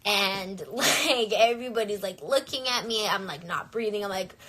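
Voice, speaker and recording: A young woman, a singer on a phone livestream, talks candidly to her viewers in a mid-range, somewhat bright voice at a moderate pace. Her chat is casual and full of fillers.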